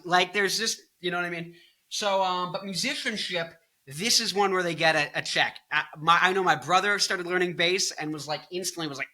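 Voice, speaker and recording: Bright-voiced young man rambling casually. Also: on the high side, steady tone, a little fast. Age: 20s. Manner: rambling, filler-heavy, joking. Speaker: vlogger and musician. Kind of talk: casual opinion vlog.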